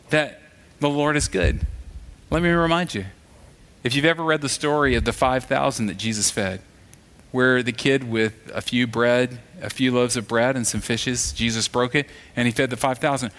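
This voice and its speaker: A man's voice: mid-range voice, moderate pace, a bit bright. A man preaching a sermon in a conversational, storytelling way, acting out the voices of the people in his stories. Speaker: pastor.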